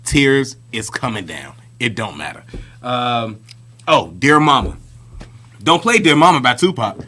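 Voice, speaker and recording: With a mid-range voice that sounds pushed and bright, this podcast co-host talks at a measured pace yet stays animated. His storytelling is casual, chatty, and full of slang.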